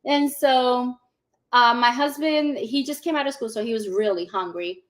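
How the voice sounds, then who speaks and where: Woman in her 40s, fairly high voice, animated storyteller, laughs a lot, casual interview guest. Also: moderate pace. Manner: animated, laughs often, acts out what people said. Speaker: guest giving a testimonial.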